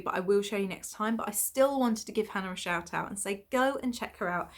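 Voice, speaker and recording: A woman from England, hosting a podcast in a rambling casual chat full of ums and small laughs. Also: a little high. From England (Essex). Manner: chatty, rambling with many ums and little laughs. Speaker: podcast host.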